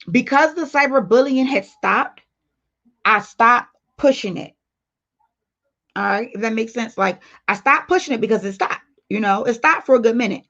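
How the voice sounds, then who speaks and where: Her voice sits on the high side with a fairly bright tone, though the stream audio is dull and lo-fi. As a casual livestream host, she reads viewers' comments aloud and talks to them bluntly and playfully.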